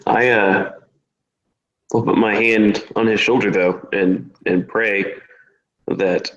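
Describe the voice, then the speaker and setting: A man playing a tabletop game in an unhurried, wry way. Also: lowish voice, fairly even intonation, fairly bright tone, reverberant, muffled recording. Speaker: player. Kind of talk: casual tabletop play.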